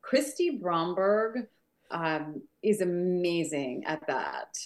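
A woman author as a podcast guest, giggly and a little rambling, quick to apologize. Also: fairly low pitch, sing-song. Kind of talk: casual interview chat.

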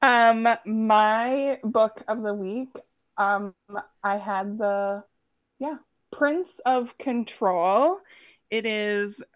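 A woman's voice: mid-range voice, extremely slow, dry recording. A woman from Minnesota with a Minnesota accent, co-hosting a casual book chat, hesitant with many ums. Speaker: podcast co-host.

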